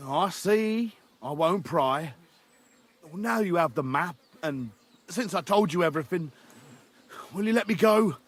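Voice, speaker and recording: Frightened captive in a game: husky, higher voice, stammering pleas. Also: male voice, animated, unhurried, long pauses. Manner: pleading, stammering. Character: frightened male game character begging for release. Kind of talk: game voice acting.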